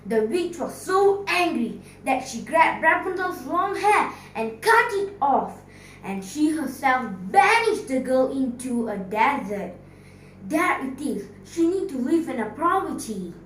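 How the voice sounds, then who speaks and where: A woman teacher telling a fairy tale in a storytelling competition, dramatic and expressive, recorded from a distance in an echoey room. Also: high-pitched, slow, a little hiss or hum. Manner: expressive, dramatic storyteller asking the audience questions.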